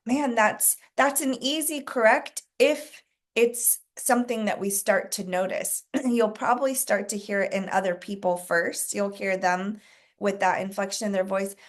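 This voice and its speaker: A woman leading a casual sales coaching call, talking to a group, asking them questions and clearing her throat often. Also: medium pitch.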